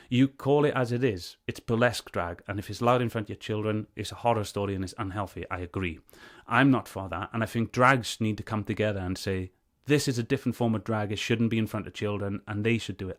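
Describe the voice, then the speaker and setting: A man's voice: lowish voice, quick pace, few pauses. Earnest man arguing back at a clip. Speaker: video reviewer. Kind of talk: reaction commentary on a clip.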